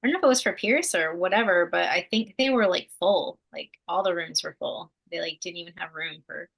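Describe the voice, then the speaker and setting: Young woman with a lowish bright voice, easygoing chat, lots of "like". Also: brisk, vocal fry. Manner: relaxed, lots of fillers, laughs. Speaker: podcast co-host, mother of two. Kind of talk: casual chat.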